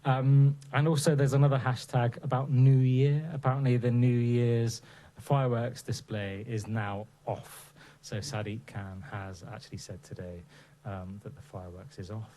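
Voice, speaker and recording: A man co-hosting a live stream in a relaxed, chatty way. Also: medium pitch, normal speed. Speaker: co-host. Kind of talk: casual chat on a live stream.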